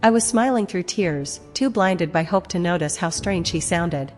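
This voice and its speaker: A woman narrating a first-person dramatic story in a measured voice with heavy pauses. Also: lowish voice, darkish tone. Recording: long reverb, music behind.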